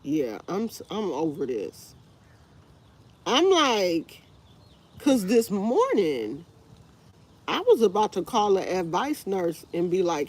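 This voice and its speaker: A woman's voice: lowish voice, very animated, takes it slowly, long pauses, darkish tone, slightly rough. A woman hosting a casual livestream, congested with a stuffy nose, rambling in a tired, fed-up way. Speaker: livestream host. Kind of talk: casual live chat with viewers.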